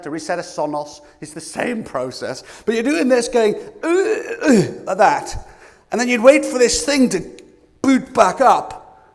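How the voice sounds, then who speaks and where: A lively British man with a high voice gives a leadership coaching keynote to a live audience in a conference room. He's animated, putting questions to the crowd and acting out quotes, while the room sounds reverberant like a hall.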